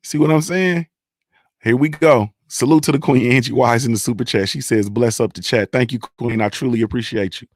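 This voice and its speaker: A man's voice: mid-range voice, brisk, no room sound, clean studio sound. A young adult man hosting a casual livestream, talking emphatically and repeating himself, often checking that viewers understand. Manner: emphatic, repetitive, profane, keeps asking "you understand". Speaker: livestream host reading chat.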